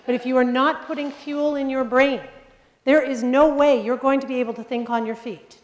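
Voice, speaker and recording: Working with a group in a large room, a woman presentation skills coach talks at normal speed in a voice that sits high with fairly even intonation. She runs breathing exercises in an upbeat, joking, directive manner at this live workshop. The recording is muffled and has a reverberant hall sound.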